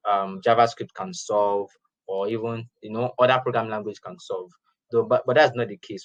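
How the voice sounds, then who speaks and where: A man's voice: mid-range voice, a bit bright, dry recording, rough recording. A man giving an informal programming lesson, chatty, often repeating and restarting his phrases. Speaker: programming instructor. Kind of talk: informal classroom lecture.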